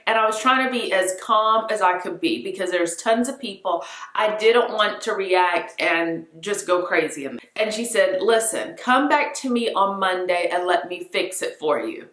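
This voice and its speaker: A woman's voice: medium pitch, normal speed, roomy sound. A young woman vlogger casually telling a story to camera, acting out the voices of the people in it. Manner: animated, acts out quoted voices.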